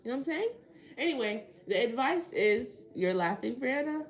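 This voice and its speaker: A woman's voice: fairly high pitch, animated, normal speed. A woman doing a tarot reading on a casual livestream, talking back to chat commenters with a sarcastic, swearing edge. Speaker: tarot reader answering a live chat.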